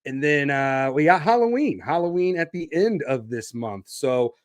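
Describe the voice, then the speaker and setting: A man hosting his own podcast, talking casually while standing and moving around, with an energetic, promo-style delivery. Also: a little high, moderate pace, no room sound, clean studio sound. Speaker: podcast host.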